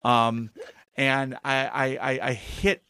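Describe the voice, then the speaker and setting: A man's voice: mid-range voice, flat delivery, slow pace, pushed and bright, a little hiss or hum. A man telling a funny personal story in a casual podcast chat, acting out his own quotes.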